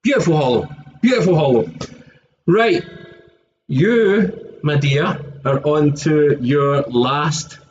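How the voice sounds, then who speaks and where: A man's voice: fairly high pitch, slow, pauses often, a little hiss or hum. A Scottish man chatting casually and joking on a live stream, often laughing, with a dull lo-fi sound. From Scotland. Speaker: streamer opening trading card packs.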